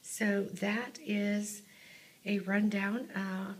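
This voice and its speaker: A woman giving a casual, halting walkthrough of a church classroom she decorated, filled with ums and uhs, filmed on a handheld phone indoors. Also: medium pitch, level tone. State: out of breath.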